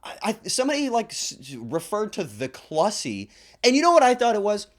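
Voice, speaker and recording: A man hosting his own stream award show, talking in a loose, self-mocking way. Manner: animated and self-mocking, quick swings in pitch. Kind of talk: casual stream chat.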